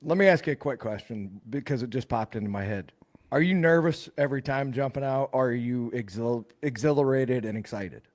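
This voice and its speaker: A man's voice: medium pitch, brisk, a little mellow. A man hosting a podcast, asking questions with an enthusiastic, affirming manner. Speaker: podcast host. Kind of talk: casual interview.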